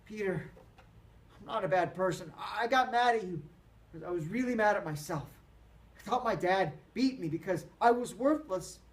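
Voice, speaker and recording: A man's voice: high voice, expressive, moderate pace, distant mic, pitched above the performer's own voice. A man voicing a remorseful teenage boy who pleads earnestly. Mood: pleading.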